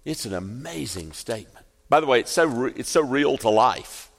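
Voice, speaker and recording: A male pastor preaching a sermon, telling the story expressively and slowing down for emphasis. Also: medium pitch, lively intonation, vocal fry. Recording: echoey hall reverb.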